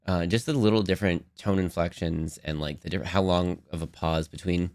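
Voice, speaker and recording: A man's voice: low-pitched, steady tone, brisk, hardly any pauses, a little mellow, no echo, clean studio sound. A man chatting casually with viewers on a live stream, laughing often, his voice a little worn from talking.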